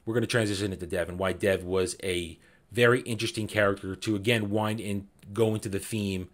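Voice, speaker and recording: A man's voice: on the low side, brisk. A man hosting an informal book club, talking enthusiastically and animatedly, repeating himself as he builds his points. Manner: enthusiastic, animated, with frequent restarts. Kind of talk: casual book discussion.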